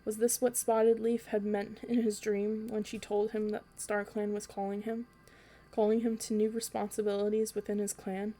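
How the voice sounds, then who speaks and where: For a storytelling podcast, a woman reads a children's book in a steady, even way, now and then slipping and starting over. Her voice is medium in pitch at a moderate pace, with soft background music behind her.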